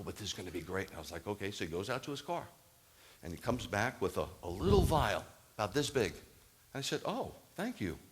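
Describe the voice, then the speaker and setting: Animated, low-voiced man preaching. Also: a little hiss or hum. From United States. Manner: animated, acts out quoted dialogue, rises to emphatic preaching. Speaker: Messianic rabbi. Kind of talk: sermon storytelling. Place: congregation hall, addressing a live audience.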